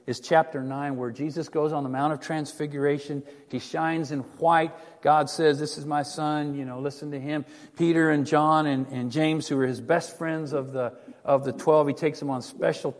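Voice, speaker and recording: A man preaches an animated, chatty sermon full of asides, his voice a little higher than most men's. A long reverb hangs on his words, as if he were in a large church sanctuary. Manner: animated, conversational, digressive. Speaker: pastor.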